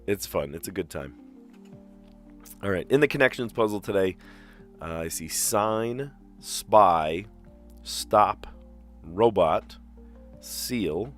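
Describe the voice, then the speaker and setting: A man streaming a puzzle game, chatting casually and thinking aloud with fillers, clearing his throat now and then. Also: fairly low pitch. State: slight cough, clearing throat. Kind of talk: casual live-stream chat while solving puzzles.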